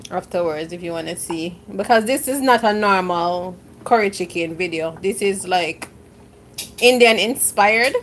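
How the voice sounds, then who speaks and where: A woman's voice: lowish voice, measured pace, a little hiss or hum. A Jamaican woman hosting a casual home cooking livestream, playfully reading out viewer comments.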